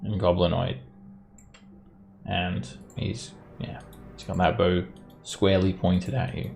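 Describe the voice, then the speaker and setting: A man narrating a tabletop game as dungeon master, relaxed and hesitant, with fillers. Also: sits low, slow, vocal fry, faint music behind.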